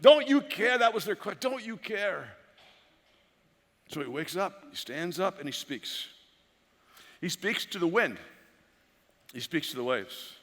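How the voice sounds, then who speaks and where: High-pitched, animated preaching man. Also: slow, pauses often, in a large hall. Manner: animated preaching with many repeated words and restarts. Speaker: pastor. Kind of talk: sermon. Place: church sanctuary.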